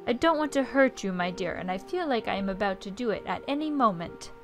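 A woman voicing a gentle, kindly male creature, speaking softly and comfortingly. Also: mid-range voice, lively intonation, a little fast, soft background music, natural voice.

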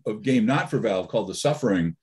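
Husky, expressive male voice actor. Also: fairly low pitch, fast talker. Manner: expressive, storytelling. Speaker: game voice actor. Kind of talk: casual panel chat.

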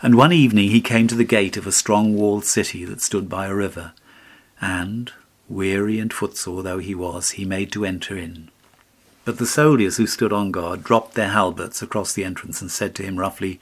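Male fairy-tale narrator, low-pitched, measured and solemn delivery. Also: steady tone. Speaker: audiobook narrator.

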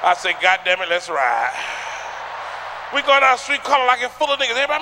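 A man doing a loud, animated stand-up routine on a comedy stage, acting out the voices in his stories. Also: extremely high pitch, fast, background noise. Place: comedy stage before a live audience.

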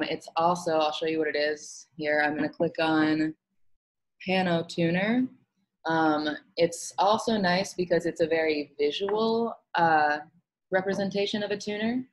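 Low-voiced woman teaching music. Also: low-quality recording. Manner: relaxed explaining with many fillers. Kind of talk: online music lesson.

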